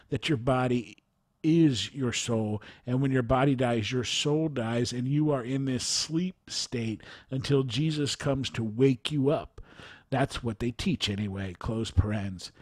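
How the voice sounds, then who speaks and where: A man slowly reading aloud a first-person account, even saying the punctuation marks. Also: medium pitch, dry recording, studio quality. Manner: slow, earnest reading that reads out punctuation. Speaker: narrator reading a near-death account. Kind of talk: reading a written testimony aloud.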